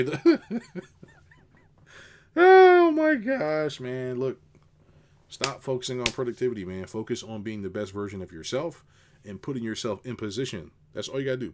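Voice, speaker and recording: A man's voice: lowish voice, a little mellow. A middle-aged man, a business coach, ranting casually to his viewers, swearing and mocking others. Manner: ranting, swears, mocks people in put-on voices. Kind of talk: unscripted rant to camera.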